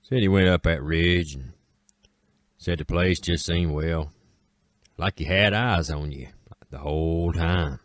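A man with an Appalachian accent telling a folk tale in a slow, drawling way, with dramatic pauses. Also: low-pitched, dry recording, clean studio sound. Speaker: storyteller. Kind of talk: folksy spoken storytelling.

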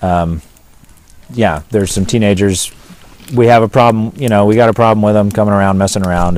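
A man's voice: sits low, a little mellow. A man with a Pacific Northwest American accent telling a story in an interview, rambling and hesitant, with many fillers and restarts. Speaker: pastor and witness.

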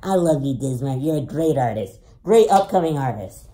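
A man from Canada hosting a crude comedy video, showing off photos of friends with drawn-out delivery, swearing and sudden shouts. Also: medium pitch, lively intonation. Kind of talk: comedic show-and-tell monologue. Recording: echoey room.

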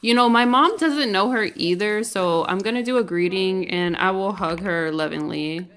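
A woman hosting a let's play, giving casual, excitable game commentary and laughing often. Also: mid-range voice, moderate pace.

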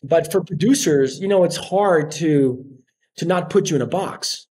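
A man in his forties with a Colombian Spanish accent, chatting as a podcast guest and telling stories with lively acted-out quotes. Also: a little high, moderate pace. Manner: animated storyteller acting out quoted voices. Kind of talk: casual interview chat.

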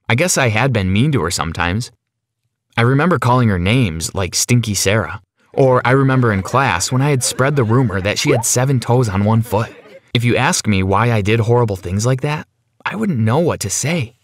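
A man telling a first-person story for an animated video in a dramatic, anxious way. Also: medium pitch, no echo, clean studio sound. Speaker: narrator.

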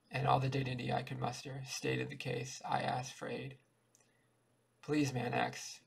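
A man reading a classic short story aloud in a steady, unhurried way. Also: medium pitch, vocal fry, slightly rough, far from the mic, low-quality recording. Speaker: audiobook reader.

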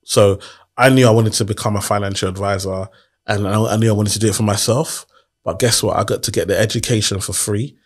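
A man's voice: fairly low pitch, fairly even intonation, fairly quick. A man tells his story in a casual interview, earnest and motivational, often asking rhetorical questions. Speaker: guest.

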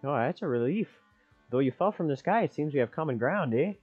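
A man voices a genteel middle-aged professor from a game, all fussy propriety and theatrical politeness. The voice sits high and bouncy with plenty of push. The sound is muffled and lo-fi. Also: expressive, a little fast, breathy edge, soft background music. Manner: theatrical, overly proper and polite. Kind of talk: improvised dubbing of game dialogue.

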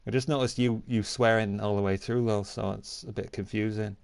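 A man hosting a comedic football game stream, talking in a deadpan, mock-earnest way with hesitant fillers. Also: on the low side, brisk, creaky, clean tone, no room sound. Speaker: streamer and host.

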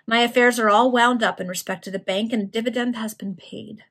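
A woman's voice: fairly high pitch, fairly even intonation, fairly quick, fairly bright tone, husky. A woman reading aloud, voicing an anxious, frightened male stockbroker who pleads and protests. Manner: pleading, agitated.

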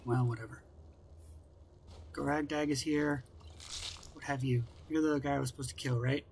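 A man's voice: medium pitch, fairly even intonation, moderate pace, a little hiss or hum. A man giving wry, casual commentary while playing a video game, often talking to himself and to the game's characters. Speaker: gameplay commentator. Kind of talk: casual let's-play commentary.

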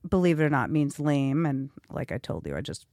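A woman's voice: sits low, very animated, fairly quick, warm tone, dry recording, studio quality. A middle-aged woman from Queens, chatting as a guest and acting out other people's voices. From Queens, New York. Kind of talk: casual chat.

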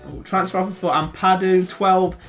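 A young man with a Birmingham accent giving excitable, chatty play-by-play commentary on a football video game, groaning and shouting at near misses. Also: high voice, moderate pace, faint music behind. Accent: Birmingham English. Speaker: gaming YouTuber.

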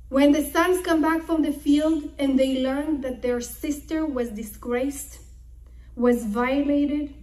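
A woman's voice: high-pitched, fairly even intonation, slow, mellow. A woman teaching the Torah as a dramatic retelling, emphatic and full of repeated phrases. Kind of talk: dramatic retelling of a Bible story.

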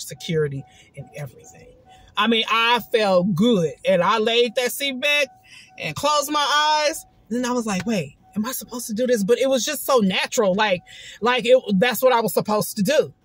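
A woman telling a story in a casual vlog, chatty and expressive, often saying "baby" and putting on voices when she quotes people. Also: on the high side, rough recording. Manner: quotes others in shifted voices. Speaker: vlogger.

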